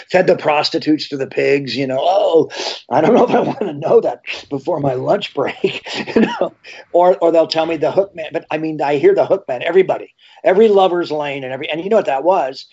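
A man, an actor and horror TV host, telling rambling animated anecdotes in a casual interview. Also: medium pitch. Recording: slightly dull lo-fi sound.

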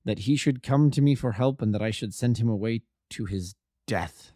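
A man reading the part of a grave, proud male detective, speaking low, quiet and measured with bitter resolve. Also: dry recording, studio quality, natural voice.

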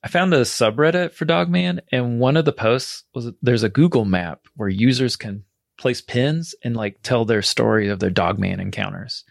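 A man's voice: medium pitch, normal speed, creaky, no echo, clean studio sound. A man co-hosting a podcast, telling a story in loose casual chat and swearing freely as he laughs along. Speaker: podcast co-host.

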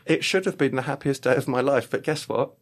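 A man co-hosting a children's comedy show, telling absurd stories in a deadpan way. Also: mid-range voice, fairly quick. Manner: deadpan storytelling, acting out voices of rude onions. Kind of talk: silly improvised comic chat.

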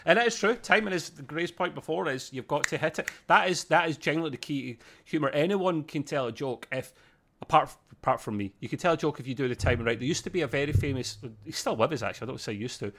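A man's voice: fairly high pitch, quick pace, fairly bright tone. A man co-hosting a podcast, telling a story in a chatty, self-deprecating way. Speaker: podcast co-host. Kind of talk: casual review chat.

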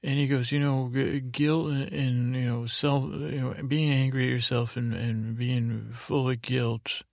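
A man hosting a sleep podcast, recapping a show in a meandering, halting way with lots of fillers and restarts. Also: medium pitch, little pitch movement, gravelly, darkish tone, dry recording, clean studio sound. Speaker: podcast host.

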